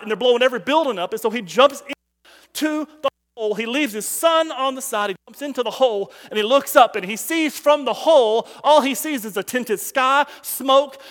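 High-voiced pastor preaching in a reverberant hall. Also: male voice. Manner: animated storytelling, swings from loud to hushed. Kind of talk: sermon. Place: church sanctuary.

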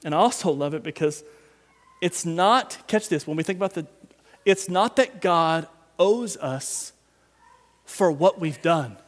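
Male pastor, high voice, preaching style, dynamic swings, long hall reverb. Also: animated, measured pace, long pauses. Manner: preaches with swings from quiet to loud emphasis, addresses the congregation directly. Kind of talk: sermon. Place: church sanctuary.

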